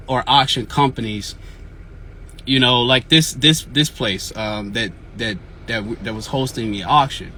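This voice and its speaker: A man talks into his phone outdoors as the host of his weekly real estate Q&A livestream. He vents, frustrated, and keeps repeating himself. His voice is bright and forceful at a mid pitch. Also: a little hiss or hum. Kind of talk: casual livestream chat, venting. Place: outdoors in the field.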